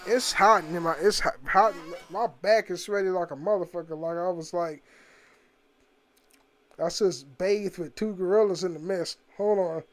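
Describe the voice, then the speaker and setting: Man, gaming vlogger, casual monologue at home, swears freely, rambles. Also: high voice. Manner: profane, rambling, laughs often.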